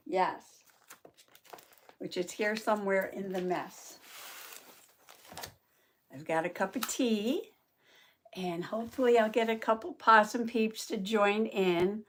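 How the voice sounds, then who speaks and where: A woman chats with her viewers on a live stream in an unhurried, mid-pitched voice. She sounds short of voice and a little out of breath. She laughs often and greets viewers by name. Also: slight background noise. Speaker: journaling vlogger hosting a live stream. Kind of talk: casual live-stream chat.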